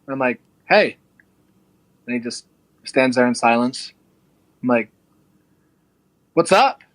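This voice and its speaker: A man's voice: medium pitch, normal speed, dry recording. A young adult man, a podcast guest, telling a casual story and acting out the people in it. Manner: animated, acts out quoted people.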